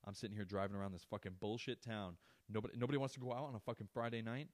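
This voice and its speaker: A man's voice: lowish voice, steady tone, very fast, dry recording. A young adult man hosting a podcast, telling a story in a casual, profane, ranting way. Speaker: podcast host.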